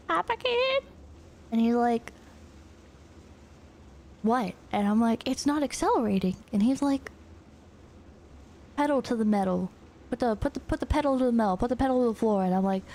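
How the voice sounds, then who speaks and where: A woman streamer telling a story in a rambling, animated way with casual swearing. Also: fairly high pitch.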